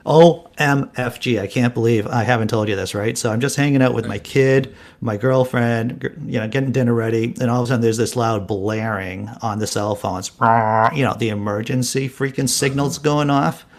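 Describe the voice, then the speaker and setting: A man's voice: medium pitch, fairly even intonation, moderate pace. A man co-hosting a casual live-stream chat, telling rambling stories with frequent restarts. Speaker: co-host.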